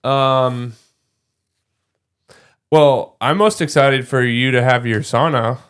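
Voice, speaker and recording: A man with a Midwestern accent co-hosting a podcast in casual, playful chat, quick to joke and laugh. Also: mid-range voice, fairly even intonation, a bit bright, smooth. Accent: Midwestern American. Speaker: podcast co-host.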